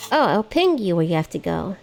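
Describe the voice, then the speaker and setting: A woman's voice: fairly low pitch, very animated, brisk, vocal fry, darkish tone, soft background music. A woman streaming a video game live, chatting casually and mocking herself as she gets lost. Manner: chatty, self-mocking, exclamatory. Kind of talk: casual live gameplay chat.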